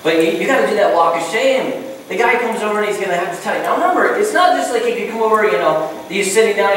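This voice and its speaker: Goofy pastor preaching from far back in an echoey hall. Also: male voice, sits high, animated, quick pace, hardly any pauses, fairly bright tone, a little hiss or hum. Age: middle-aged. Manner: goofy, conversational, acts out quoted voices. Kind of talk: sermon. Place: church hall.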